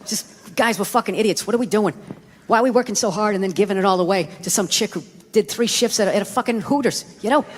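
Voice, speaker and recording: A man doing a loud, profane stand-up routine on a comedy stage. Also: sits high, fast talker, long reverb tail. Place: comedy stage with a live audience.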